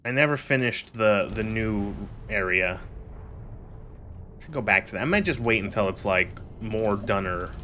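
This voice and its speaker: A young male streamer comments on a game in a casual, sweary rant. His pitch swings widely as he gets exasperated, with faint noise behind. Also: animated, a little slow, sharp tone.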